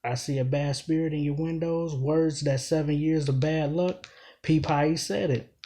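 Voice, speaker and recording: A man's voice: fairly high pitch, steady tone, moderate pace, warm tone, slight background noise. A man giving a casual breakdown of battle rap lines, repeating each bar emphatically while explaining it.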